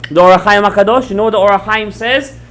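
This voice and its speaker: A man teaching a Torah class as a rabbi, telling a story with lively acted-out quotes, mixing in Hebrew terms and checking words with his listeners. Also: high-pitched, fast. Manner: animated storyteller, acts out quoted lines, checks words with the audience; mixes in Hebrew and Aramaic terms.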